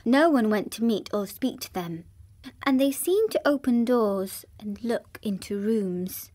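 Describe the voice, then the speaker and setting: Synthetic-sounding lady reading a kids story, slow n gentle. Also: a little high, expressive. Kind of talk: children's storybook narration.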